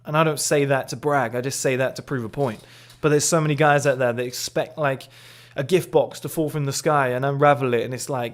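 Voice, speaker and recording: A man's voice: on the high side, normal speed. A man in his late twenties giving a blunt, profane motivational monologue to other men, boastful and direct. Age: 20s. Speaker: men's lifestyle creator.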